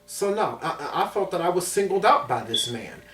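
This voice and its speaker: A man in his thirties from Chicago tells a story with lots of emphasis and repeated phrases. His pitch swings widely as he talks. The voice sounds roomy and distant, with the mic set well away from him. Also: sing-song, normal speed, a bit bright. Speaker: vlogger. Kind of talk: personal storytelling.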